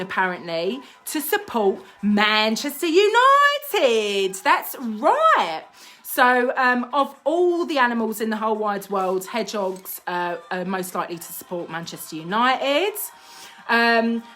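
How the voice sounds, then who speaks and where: A woman's voice: on the high side, fairly bright tone. A woman presenting a live-streamed craft tutorial, telling playful made-up facts, giggling and chatting with many fillers.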